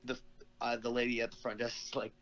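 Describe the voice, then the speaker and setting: Young guy telling a crude story on a podcast, bright voice, swears a lot, laughs as he goes. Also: mid-range voice, monotone, highs cut off. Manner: profane, laughing anecdote with quick asides. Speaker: podcast guest. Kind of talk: casual storytelling.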